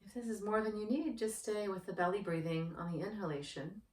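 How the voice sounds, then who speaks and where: A woman who works as a yoga therapist, guiding a breathing practice in a slow, gentle, soothing manner. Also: medium pitch. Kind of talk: guided breathing instruction. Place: indoor room with yoga mat. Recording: roomy, distant from the mic.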